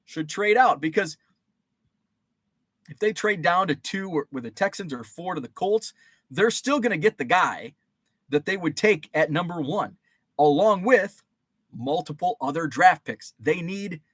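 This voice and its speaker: A man's voice: high-pitched, expressive, a little slow, dry recording, clean studio sound. Chatty man hosting a rambling livestream. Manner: rambling, reads viewer comments aloud. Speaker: host. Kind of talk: casual livestream chat.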